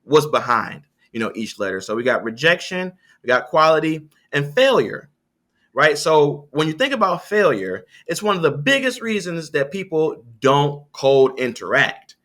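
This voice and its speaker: Animated bright-voiced man coaching on sales. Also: moderate pace. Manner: animated, lively pitch swings, frequent restarts. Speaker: guest, sales coach and author. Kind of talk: conversational interview, coaching.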